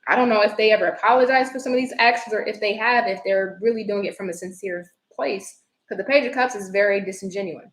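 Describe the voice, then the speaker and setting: A woman doing a live-stream tarot reading, chatty and expressive, greeting viewers by name. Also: mid-range voice, fast, hardly any pauses, reverberant, low-quality recording. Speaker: tarot reader.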